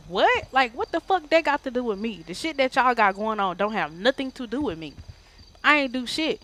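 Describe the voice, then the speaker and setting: A woman streamer telling a casual story time in an animated, slangy, profane way. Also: fairly high pitch, moderate pace.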